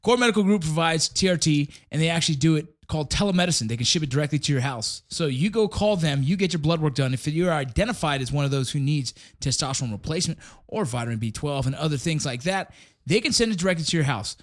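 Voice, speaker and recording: A middle-aged man hosts a podcast from an office, his voice sitting a bit high for a man. He talks loosely and swears freely. He laughs a lot through his sponsor reads. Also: fast, few pauses. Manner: relaxed, swearing, laughing often. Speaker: podcast host. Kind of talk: casual chat with sponsor reads.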